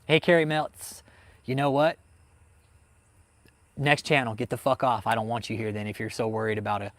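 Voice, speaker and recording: This livestream host, who covers cults, speaks at a normal speed in a mid-range, fairly bright voice with little pitch movement and no room sound. He rants angrily through a stream of swearing as he replies to viewers in chat.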